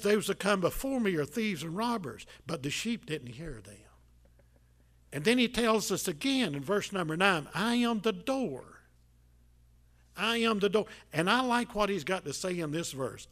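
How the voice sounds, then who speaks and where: An older man preaching a sermon as pastor, folksy and repetitive, full of "uh"s, swinging between loud emphatic lines and quiet asides. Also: high voice, animated, normal speed.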